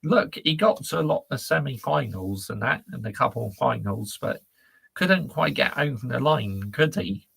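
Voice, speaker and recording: A gravelly, husky man, talking bluntly and reacting to chat on a live stream. His voice is close and dry, with no room sound, and his pitch sits in the middle. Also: animated, moderate pace, a bit bright, no room sound. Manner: ranting, blunt, laddish slang. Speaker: football channel host reading live chat.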